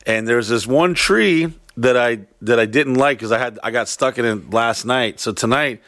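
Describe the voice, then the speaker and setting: A man's voice: medium pitch, normal speed, fairly bright tone, no echo. Profane rambling man, dry close sound. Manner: profane, rambling, jokey storyteller. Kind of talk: casual storytelling chat.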